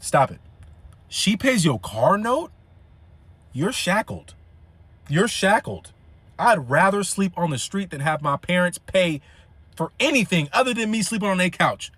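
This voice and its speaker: A man telling a funny story in an animated, slangy way. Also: a little high, slightly rough, no echo. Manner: animated and slangy, repeating "you feel me". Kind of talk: comedic storytime.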